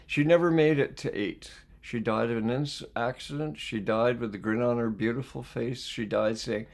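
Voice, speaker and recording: A man with a gravelly edge to his voice reads a book aloud at a mid-range pitch. He takes his time and stops now and then to ask his listeners questions, like a coach talking between passages. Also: fairly even intonation, moderate pace, few pauses. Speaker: life skills coach reading a book aloud. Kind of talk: reading aloud with spoken asides.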